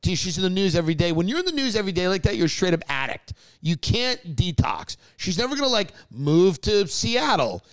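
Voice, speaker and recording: A man's voice: sits high, very animated, a little fast, hardly any pauses, clear, resonant tone, no room sound, poor audio. A man co-hosting a podcast, talking in a rambling, joking, opinionated way. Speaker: podcast co-host. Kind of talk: casual joking chat.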